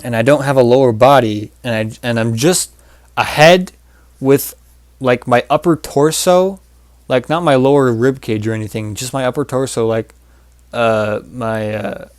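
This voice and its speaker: A man giving casual gameplay commentary as he rambles through a story, full of fillers and false starts. His voice sits at a middle pitch. The recording is dry and close, with no room sound. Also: fairly even intonation, unhurried, dry recording. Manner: rambling, with many fillers and restarts. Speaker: channel host.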